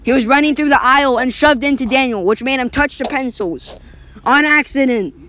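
A man's voice: very high-pitched, fairly quick, sharp tone, slight background noise. A man telling an improvised story in a casual, rambling way, correcting himself often, his voice cracking at times.

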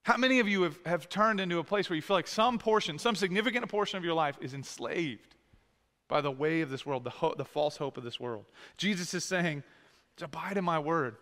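A man's voice: on the high side, animated, brisk, a bit bright, long reverb tail. A man preaching a sermon, earnest and pleading, asking the congregation direct questions.

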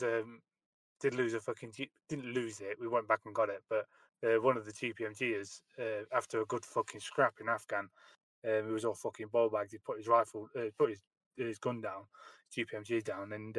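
Army veteran man, halting and sweary. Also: medium pitch, flat delivery, a bit bright, dry recording. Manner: hesitant fillers, sweary. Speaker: podcast guest, army veteran. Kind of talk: casual swearing banter, war stories.

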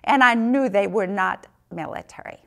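A middle-aged woman telling a personal missionary story, acting out the dialogue with big jumps in pitch. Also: normal speed, gravelly, a bit bright.

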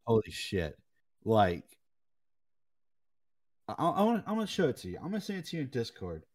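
Animated young man telling gaming stories. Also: medium pitch, fairly quick. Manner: animated storytelling, swearing. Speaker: podcast co-host. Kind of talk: casual gaming chat.

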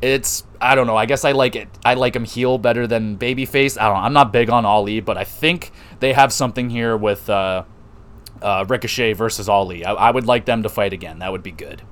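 A man hosting a podcast, recapping wrestling matches in a loose, excitable way, swearing and laughing often. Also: lowish voice, a little fast. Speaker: podcast host reviewing wrestling. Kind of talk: casual recap.

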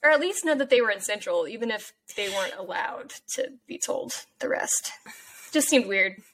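A woman's voice: mid-range voice, lively intonation, moderate pace, fairly bright tone, slight background noise. A woman co-hosting a casual chat, reacting with emotion and laughter and raising questions. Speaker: podcast co-host.

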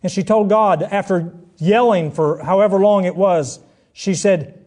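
A middle-aged man preaching a sermon, telling a personal story and acting out the voices in it, swinging between hushed and loud. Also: high-pitched, measured pace. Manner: dramatic storytelling, acts out quotes, swings between soft and loud.

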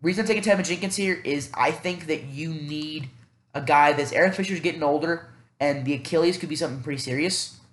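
A man's voice: a little high, a little fast, a bit bright, reverberant. A man hosting a casual solo podcast, thinking aloud in a rambling, self-deprecating way with many fillers. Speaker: podcast host.

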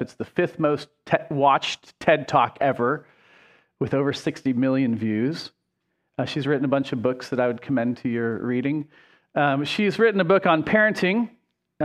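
A middle-aged pastor delivers a conversational sermon in a casual, chatty manner, filled with ums and quick self-corrections. His voice is mid-range, and the audio sounds dull.

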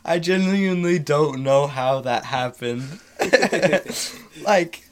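A man's voice: on the high side, slow. A young man in casual chat, telling a funny story with frequent laughs. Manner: laughs often, animated storytelling.

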